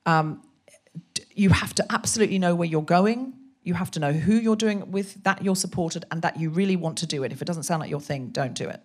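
A woman guest on a podcast, telling a comic story in a casual, animated way, sometimes swearing and acting out voices. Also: fairly low pitch, brisk. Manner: animated, swearing, acts out voices in her anecdotes.

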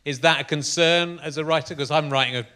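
A man hosting a live on-stage interview, asking halting questions with many restarts. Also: fairly high pitch, steady tone, sharp tone, clear, resonant tone. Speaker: host.

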